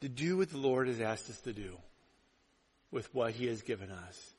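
Animated male pastor in a reverberant hall. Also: mid-range voice, normal speed, husky. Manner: animated storytelling, acts out quotes. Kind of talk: sermon.

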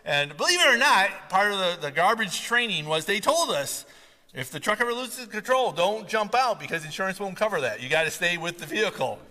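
A man's voice: high voice, sing-song, brisk, pushed and bright, in a large hall. A man preaching a sermon in a chatty, conversational way, often checking in with his listeners. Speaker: pastor.

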